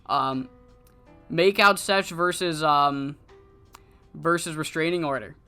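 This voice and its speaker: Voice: mid-range voice, takes it slowly, sharp tone, clear, resonant tone, faint music behind. A narrator casually recapping a wrestling management game, rambling with lots of fillers and swearing. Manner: rambling, profane, many fillers.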